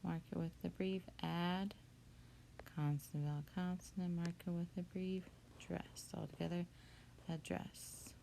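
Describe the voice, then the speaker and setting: A woman teacher walking through a spelling lesson, patient and steady as she breaks words into syllables. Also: fairly low pitch, measured pace, creaky, slight background noise.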